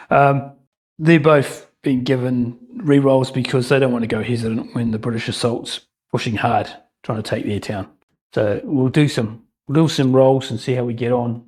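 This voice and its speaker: A man's voice: mid-range voice, darkish tone, slightly rough, poor audio. A man narrating a solo tabletop wargame battle report in a chatty way, with joking asides and frequent ums. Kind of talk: casual game commentary.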